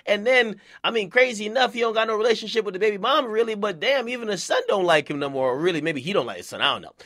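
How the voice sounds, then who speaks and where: A man's voice: high-pitched, racing, no echo, clean studio sound. A young man giving a casual, profane, slang-heavy rant about celebrity gossip for his channel. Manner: animated, profane, slangy street talk. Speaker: YouTube commentator.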